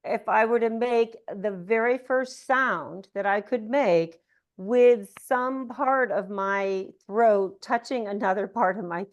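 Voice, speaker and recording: A woman on a video call talks at a very slow, unhurried pace as she teaches Sanskrit sounds. She says each consonant carefully and draws out her words. Her voice sits at a middle pitch. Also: lo-fi sound. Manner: demonstrates sounds slowly, drawn-out and deliberate. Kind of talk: explaining pronunciation on a video call.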